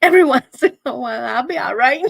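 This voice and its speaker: A woman's voice: high-pitched, animated, fast talker, gravelly, husky, no echo. A middle-aged woman, hosting a weekly live show and chatting casually with viewers, laughing between nearly every line.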